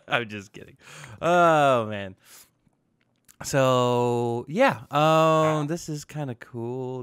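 A man's voice: medium pitch, drawn-out words, a bit bright, smooth, no room sound, studio quality. A young man hosting a gaming channel, talking casually to himself as he plays and tossing in jokey asides. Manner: chatty, self-talking, joking asides. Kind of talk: casual gameplay commentary.

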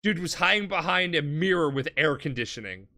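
A drunk man retells a story on a podcast, rambling, swearing and laughing as he goes. His voice is bright and forward, pitched a bit high for a man. His delivery is loose and animated. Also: a little fast. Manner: rambling, profane, laughing, acts out characters. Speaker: podcast host. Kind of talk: casual comedic retelling.

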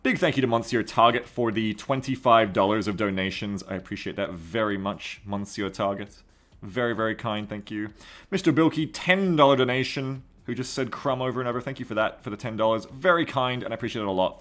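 A man's voice: fairly low pitch, brisk. A man streaming a game and casually thanking subscribers and donors by name. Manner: thanking donors warmly, reading names. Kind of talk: casual live-stream chat.

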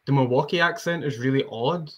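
A man's voice: medium pitch, fairly quick. A Scottish man hosting a casual hobby chat, rambling and self-deprecating as he talks. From Scotland. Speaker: podcast host.

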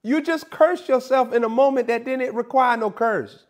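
A man's voice: extremely high pitch, moderate pace. A man preaching a sermon in a comedic, playful way, teasing and mock-scolding his listeners.

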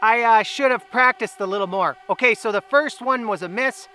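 A middle-aged grilling channel host with a very high, sharp-toned voice presents an outdoor giveaway in a casual vlog. Chatty and upbeat, he draws out the names of the winners as he announces them.

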